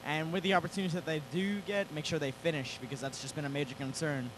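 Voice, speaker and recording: A young man doing color commentary at a school basketball game, relaxed and analytical, announcing substitutions. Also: fairly high pitch, fast, noisy background. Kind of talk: sports commentary.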